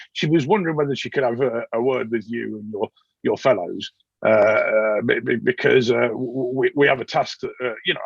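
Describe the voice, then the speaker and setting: A man voicing a fawning, stammering male envoy of a noble lady, fussy and flattering. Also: medium pitch, vocal fry, husky, no echo. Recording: dull dry recording.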